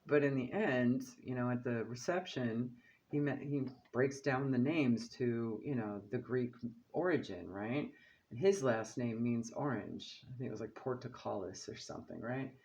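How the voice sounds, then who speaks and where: A man's voice: medium pitch, moderate pace, darkish tone, muffled recording. A man giving a casual oracle card reading, who chats along and keeps checking in with "okay?" and "right?". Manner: chatty, asks "okay?" and "right?" often.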